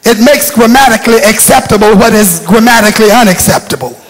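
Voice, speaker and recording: A man's voice: high-pitched, fast, long reverb tail, faint music behind. An older man preaching a sermon, telling stories emphatically and repeating phrases for effect, in a church sanctuary. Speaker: bishop preaching.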